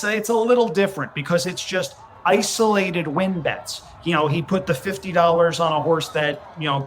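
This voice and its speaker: As a podcast guest, a man who works as a racing handicapper chats casually about betting and taxes, keeping it matter-of-fact. He speaks in a voice on the high side with a somewhat bright tone.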